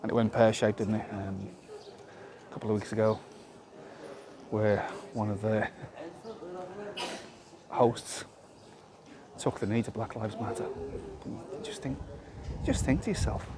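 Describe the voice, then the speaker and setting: A man vlogging outdoors on a town walk, rambling and opinionated, full of rhetorical questions. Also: on the low side. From Britain. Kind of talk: casual walking monologue. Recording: outdoor street noise.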